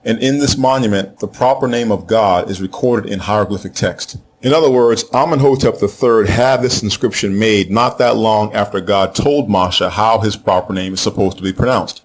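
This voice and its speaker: A man with a somewhat low voice delivers a scripted lecture. He explains steadily and methodically, with a faint hiss of noise behind him. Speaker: teacher. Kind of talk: scripted narration.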